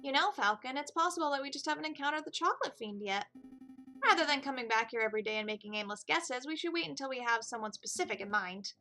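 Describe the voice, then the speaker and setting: A woman's voice: sits high, fast, bright, forceful tone, soft background music. A woman voicing an eager young male sparrow sidekick with a blunt, keen manner.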